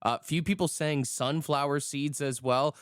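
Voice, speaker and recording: A man's voice: on the high side, steady tone, a little slow, clean tone, no room sound, clean studio sound. A man hosting a morning radio show, chatting casually and joking with callers. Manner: joking, laid-back banter.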